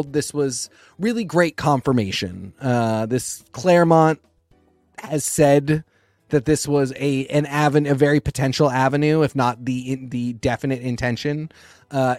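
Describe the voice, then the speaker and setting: A man's voice: medium pitch, darkish tone, no echo. A man co-hosting a comics podcast, talking casually and rambling, often restarting his sentences. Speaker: podcast co-host. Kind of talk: casual chat about comics.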